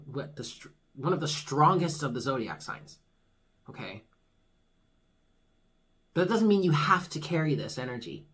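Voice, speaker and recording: A tarot reader with a husky, breathy voice talks through a casual monthly reading. The delivery is blunt and swears freely. It cheers the listener on like a friend. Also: medium pitch, fairly bright tone. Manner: frank, swears casually, reassuring and pep-talking; laughs at own jokes.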